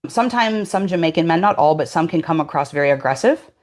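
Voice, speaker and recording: A woman's voice: low voice, lively intonation, quick pace, darkish tone. A woman answering interview questions in a hesitant way, with many fillers and restarts. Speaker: interview guest.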